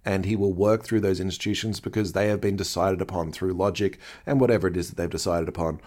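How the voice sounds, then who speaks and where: A man with a somewhat low voice talks through a story as a podcast co-host. His delivery is relaxed and plain, with dry asides. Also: fast talker. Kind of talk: casual chat recapping a TV episode.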